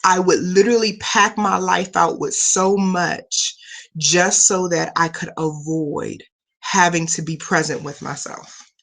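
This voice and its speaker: Slow, deliberate woman leading a spiritual talk. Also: fairly low pitch, fairly even intonation, creaky, fairly bright tone. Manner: slow, deliberate, emphatic coaching delivery. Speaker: spiritual teacher and host. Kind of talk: live online spiritual talk with guided breathing. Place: home room lined with bookshelves.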